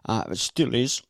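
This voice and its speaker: A man's voice: medium pitch, gravelly, slightly rough, no echo, studio quality. A man hosting a casual radio chat, talkative, with many fillers and frequent laughs. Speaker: radio host. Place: teaching in New York City.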